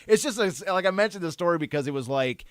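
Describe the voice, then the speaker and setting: A man co-hosting a podcast, telling rambling anecdotes with many restarts and fillers, getting animated and laughing as he tells them. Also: high voice, quick pace, clear, resonant tone, dry recording, studio quality. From Detroit area. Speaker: podcast co-host. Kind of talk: casual chat.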